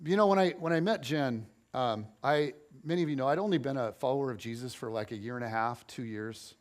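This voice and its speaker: This man in his forties preaches with a mid-range voice at a fairly quick pace. His conversational sermon is full of personal stories, told animatedly with chatty self-deprecation and playful humor.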